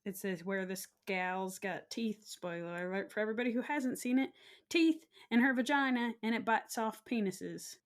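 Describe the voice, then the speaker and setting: A woman's voice: mid-range voice, normal speed. A woman co-hosting a true crime podcast, teasing her partner with folksy wisecracks. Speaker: podcast co-host.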